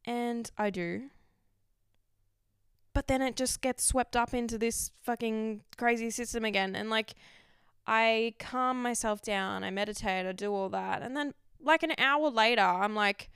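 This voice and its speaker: Young woman, frank confessional vlog, smooth resonant tone, dry close sound, swears freely. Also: a little high, a little slow, fairly bright tone, no echo. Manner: frank, rambling, heavy swearing. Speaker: vlogger. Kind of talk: candid confessional monologue.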